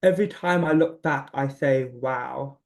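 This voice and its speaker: A man of about twenty, a podcast guest, talking casually in a chatty, self-deprecating way with quick restarts. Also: medium pitch, vocal fry. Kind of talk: casual chat.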